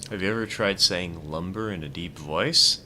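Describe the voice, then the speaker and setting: A man with a deep voice chatting casually on a live game stream, rambling, self-mocking and laughing often. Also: moderate pace, background noise. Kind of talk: casual live-stream chat while playing.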